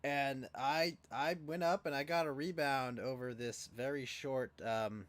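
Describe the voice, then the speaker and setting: A man casually telling a profane, rambling story on a livestream, with lively acted quotes and many fillers. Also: medium pitch, unhurried. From California. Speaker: podcast co-host.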